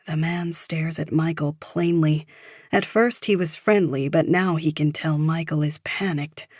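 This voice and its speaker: A woman with a very low voice reads a psychological thriller audiobook in a steady, measured way. The recording is dry and close, with no room sound. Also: slightly rough, dry recording. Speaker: audiobook narrator. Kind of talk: scripted thriller narration.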